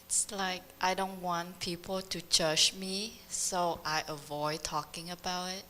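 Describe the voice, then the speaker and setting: A woman in the audience asks her question slowly and hesitantly, pausing often. Her voice is bright and rather low, and a faint hum runs underneath. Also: steady tone, poor audio. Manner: hesitant, many fillers. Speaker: audience member asking a question.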